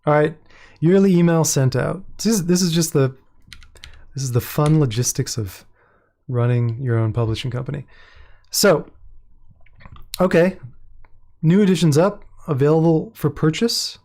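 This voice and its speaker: A man's voice: on the high side, moderate pace, long pauses, darkish tone. Chatty man hosting a casual launch stream. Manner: chatty, self-amused, thinks aloud. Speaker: independent publisher and host. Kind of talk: casual livestream product launch.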